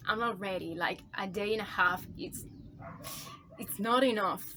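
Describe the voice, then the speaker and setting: A woman rambling through a casual video review at a mid-range pitch, heaping on swear words and fillers as she gushes. She gets emotional and sounds close to tears, and faint noise sits under her voice. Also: normal speed, bright, forceful tone. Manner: gushing, profane, rambling with many fillers. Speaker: book reviewer.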